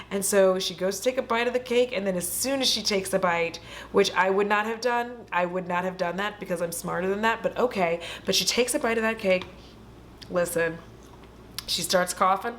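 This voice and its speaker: A woman hosting a casual vlog, retelling a film in an animated, profane storytelling way. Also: medium pitch, a little hiss or hum. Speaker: host. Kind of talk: casual movie recap vlog.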